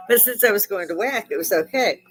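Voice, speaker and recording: A woman's voice: medium pitch, animated, moderate pace, a bit bright, faint music behind, rough recording. An older woman from Chicago hosting a live stream, telling casual stories with frequent laughter and plenty of swearing. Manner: salty, laughs often, swears freely. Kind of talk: casual storytelling chat.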